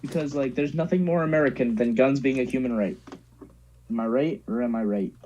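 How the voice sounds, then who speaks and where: A man's voice: mid-range voice, brisk, mellow, a little hiss or hum. A teenage young man co-hosting a casual podcast, teasing his friend and rambling with lots of "like" fillers. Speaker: podcast co-host. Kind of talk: casual chat. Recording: dull lo-fi sound.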